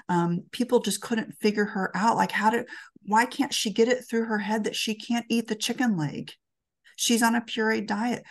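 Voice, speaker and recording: A woman's voice: medium pitch, creaky. A woman speaking at a talk, telling an earnest, emotional story from her work in long-term care.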